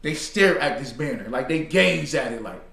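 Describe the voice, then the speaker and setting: A man teaches a religious brotherhood class in a slangy, conversational manner, quizzing students through call and response. His medium-pitched voice is gravelly and a bit bright, with lively intonation at a moderate pace. The room sounds roomy and the mic is distant.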